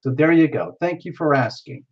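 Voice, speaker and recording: A man's voice: fairly high pitch, animated, normal speed, breathy edge. Live-stream host, man, rambling and teasing, muffled lo-fi sound. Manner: rambling, playful and teasing, with many fillers and restarts. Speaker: tarot reader hosting a live stream. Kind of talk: casual live-stream chat answering viewer comments.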